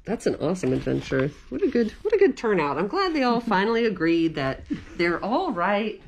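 Animated woman reading a storybook aloud. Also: mid-range voice, a little fast, a little hiss or hum. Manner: animated, playful, laughs often. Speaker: children's librarian. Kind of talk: reading a picture book aloud to children.

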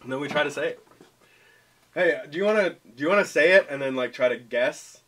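A playful man trades puns and giggles through a casual chat. His voice is bright and fairly high, bouncing with lively, animated pitch. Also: brisk, a little hiss or hum, rough recording. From Wisconsin. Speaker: co-host.

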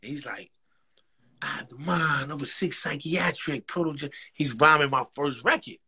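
This New York-accented rapper has a fairly high, slightly rough voice at normal speed. In a casual interview, he tells street stories packed with slang, acts out quotes animatedly, and laughs frequently.

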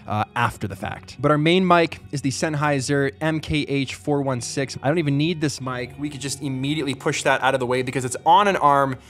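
A mid-pitched man walks through his filming gear in a casual, joking way. He is recorded on a boom mic in his own studio. Faint music plays underneath. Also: fairly quick, hardly any pauses. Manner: joking, animated asides. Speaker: YouTube creator.

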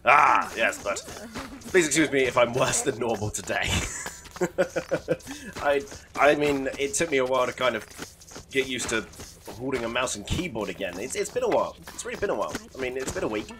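A man's voice: medium pitch, expressive, brisk, noisy background. A man giving casual, sweary, rambling commentary while playing a video game, often mocking himself. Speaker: gaming YouTuber.

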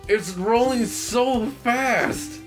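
A man's voice: extremely high pitch, drawn-out words. A young man casually chatting while playing a video game with a friend, joking and exclaiming at what happens on screen. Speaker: let's play co-host. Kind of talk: casual gameplay chat. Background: faint game music.

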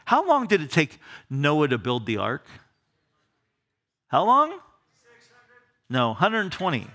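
A male pastor teaching a verse-by-verse Bible study in church, animated and often repeating words as he starts a thought. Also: a little high, slow pace, pauses often. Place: church during a live service.

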